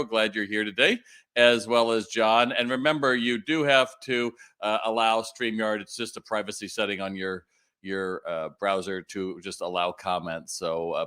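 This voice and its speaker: A middle-aged man with a fairly low, fairly bright voice hosts a live retail Q&A. It's casual livestream talk, animated and relaxed, peppered with fillers and restarts.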